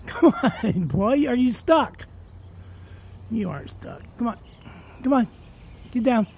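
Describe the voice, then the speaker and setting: A slow, unhurried owner coaxes a cat along in a sing-song voice with a gravelly edge. The talk is recorded on a phone outdoors in the cold. Faint outdoor noise sits behind the voice. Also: mid-range voice, very animated. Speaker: cat owner filming a walk. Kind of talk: casual talk to a pet.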